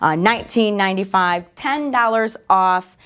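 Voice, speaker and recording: A woman's voice: medium pitch, moderate pace, fairly bright tone, smooth. A woman hosting a live embroidery stream. She chats in an upbeat, casual way with her viewers while she works at a machine. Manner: chatty, upbeat, talks to viewers while working. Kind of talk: casual live demo chat.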